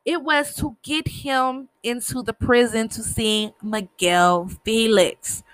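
A woman's voice: fairly high pitch, steady tone, takes it slowly, a bit bright. A woman casually recapping a TV episode, talking bluntly, swearing freely and tripping over her words. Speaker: show recapper.

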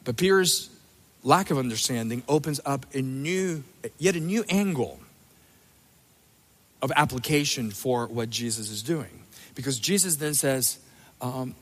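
A man's voice: mid-range voice, expressive, unhurried, pauses often, a bit bright, in a large hall. A male pastor giving an emphatic sermon with playful asides, in a church sanctuary.

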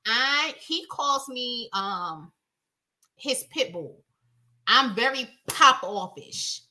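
Casting: bright, animated New York woman guest, acts out quotes. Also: on the high side, extremely slow. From Brooklyn, New York. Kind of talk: casual chat.

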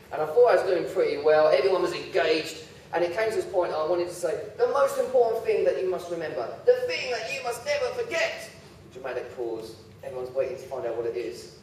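A man's voice: fairly high pitch, darkish tone, a little hiss or hum. Man preaching in an echoey hall. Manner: self-deprecating storyteller. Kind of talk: humorous sermon. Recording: very echoey hall, voice heard from far off.

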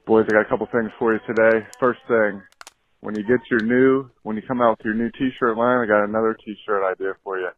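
A man leaving a brisk, friendly voicemail for a podcast over a phone line. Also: lowish voice, fairly even intonation, no echo. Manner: brisk, friendly, rattles off points. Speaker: caller.

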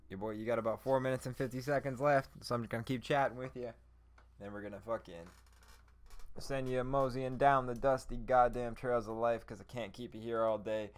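Young man, podcast host, excitable, profane, laughing bursts, casual movie chat. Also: medium pitch.

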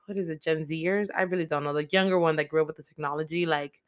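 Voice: medium pitch, fairly even intonation, quick pace, smooth, no room sound, studio quality. A podcast host giving a casual, chatty movie recap, swearing a lot and using many filler words.

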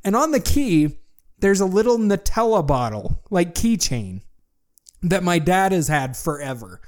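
A young man casually telling a long story to a friend, animated and full of fillers. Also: high voice, a little slow. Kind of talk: casual chat.

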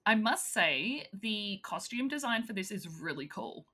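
A woman co-hosting a casual chat, animated and giggly, retelling scenes with quick impressions. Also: medium pitch, breathy edge.

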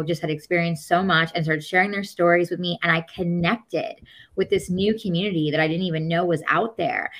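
A woman with a low-pitched voice talks through a personal story in casual conversation. She is animated, acts out the voices of people she quotes and laughs now and then as she goes. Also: low-quality recording. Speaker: podcast guest.

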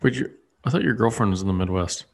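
Low-voiced rambling man chatting casually. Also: expressive, fast, gravelly. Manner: rambling, lots of fillers and restarts. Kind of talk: casual chat.

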